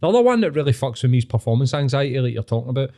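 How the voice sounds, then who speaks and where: A man's voice: mid-range voice, sing-song, very fast, dark tone. Glasgow guy chatting on a podcast, swears, keeps saying mate, thoughtful. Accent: Glaswegian Scottish. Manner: earnest, reflective, sweary, says mate a lot. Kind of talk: casual podcast chat.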